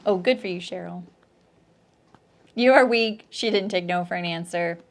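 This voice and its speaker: A middle-aged woman hosts a live sewing stream, chatting and joking with viewers and reading out their comments, often dropping into quiet asides. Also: normal speed. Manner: chatty and joking, lots of restarts, often drops into a low aside. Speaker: sewing pattern designer hosting a live stream.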